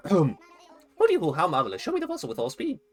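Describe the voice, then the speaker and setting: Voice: medium pitch, huge pitch swings, a little fast, faint music behind, pitched above the performer's own voice. A gamer voicing a fussy, chatty male owl museum curator who exclaims over fossils in a prim, old-fashioned way. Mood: delighted. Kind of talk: reading game dialogue aloud in a voice.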